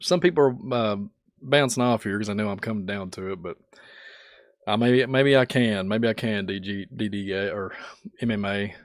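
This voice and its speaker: Hoarse man chatting on a livestream. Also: on the low side, normal speed, dry recording, studio quality. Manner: laughs often, greets chat by name. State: sore throat, voice going out. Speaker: livestream host. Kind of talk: casual livestream chat.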